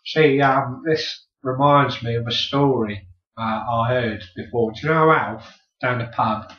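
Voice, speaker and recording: A man's voice: mid-range voice, a little slow. A man doing an improvised comedy sketch as a blustering pub regular. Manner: blustering pub-bloke banter, heavy swearing. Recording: roomy, distant, dull lo-fi demo recording.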